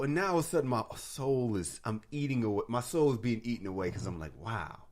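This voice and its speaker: A man's voice: mid-range voice, fast talker, few pauses. A man in his forties, co-hosting a casual podcast chat, telling stories animatedly, acting out what people said and laughing often. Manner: animated storyteller, acts out quotes, laughs often. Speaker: podcast co-host.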